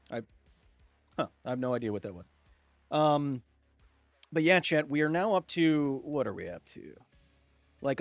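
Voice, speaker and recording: Male streamer, relaxed chatty delivery, dry booth sound, faint guitar bed behind. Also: a little high, no room sound. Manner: chatty, jokey, reads chat aloud and laughs often. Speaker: gaming livestream host. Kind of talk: casual live-stream chat.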